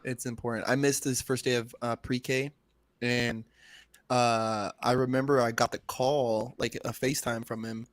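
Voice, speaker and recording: A man's voice: mid-range voice, level tone, a little slow, dry recording. Profane rambling podcast host man. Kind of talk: casual live podcast chat.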